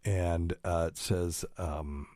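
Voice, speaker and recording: Middle-aged male podcast host, very low voice, dry close mic, rambling and pedantic. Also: steady tone, takes it slowly, warm tone, no room sound. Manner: rambling, pedantic, many fillers. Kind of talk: casual solo podcast talk.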